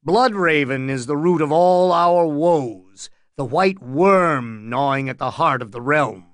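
A man's voice: on the high side, takes it slowly, no room sound. A man reading an audiobook, voicing a boastful, grumbling middle-aged knight who talks indignantly. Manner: indignant, blustering.

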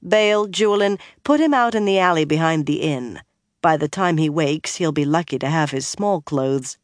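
A sharp-tongued young woman barks orders in a raised, clipped voice, as an audiobook narrator puts her on. She sounds commanding and impatient, and the reading is close and dry. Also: mid-range voice, lively intonation, moderate pace, no room sound, lightly acted. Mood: bossy. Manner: snappish and commanding.

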